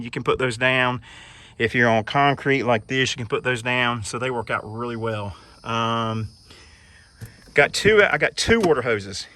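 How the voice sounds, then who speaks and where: Crickets and insects fill the night air at a campsite as a middle-aged RV vlogger walks through his rig, talking into a handheld phone. He speaks at medium pitch with a pushed, bright quality, rambling in a folksy way with lots of fillers, and there's a slight hiss or hum on the recording.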